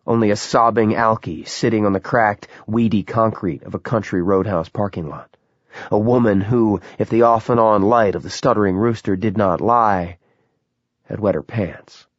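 Low husky guy reading a thriller, pitch all over, dull lo-fi sound. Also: moderate pace, no echo. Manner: lively, dramatic reading. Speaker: audiobook narrator. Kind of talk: scripted narration.

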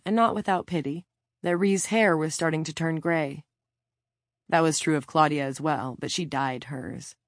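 A woman reads a novel aloud in a steady, measured way. Her voice sits very low, and the recording is dry and close with no room echo. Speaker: audiobook narrator. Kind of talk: scripted narration.

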